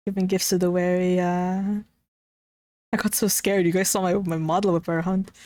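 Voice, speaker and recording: Streaming from her room at home, a woman chats casually with her viewers, giggling, gushing, and swearing a little. Her voice is low and darkish, with fairly even intonation and a measured pace, and the recording is dry.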